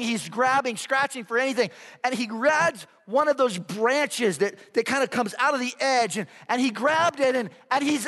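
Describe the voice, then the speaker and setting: A man preaching a sermon as a pastor, telling a story with lively asides. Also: extremely high pitch. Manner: storytelling, animated, acts out voices. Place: church sanctuary. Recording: hall reverb.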